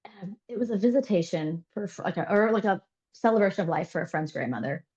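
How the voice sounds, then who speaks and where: Animated chatty woman, lo-fi audio. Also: medium pitch, fast talker, breathy edge. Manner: animated, laughing storyteller with many fillers. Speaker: interview guest. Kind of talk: casual chat.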